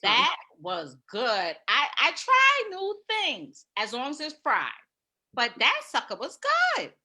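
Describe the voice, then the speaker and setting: A woman hosting a casual interview, reacting quickly and sharing her own food stories. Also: high-pitched, wildly swooping pitch, pushed and bright. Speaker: interview host. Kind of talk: casual chat.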